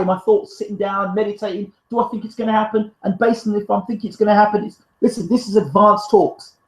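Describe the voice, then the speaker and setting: A man's voice: high voice, a little mellow, roomy sound, low-quality recording. A man hosting a live stream, reading out viewer comments and arguing back in a fiery, defensive, emphatic way. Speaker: live show host.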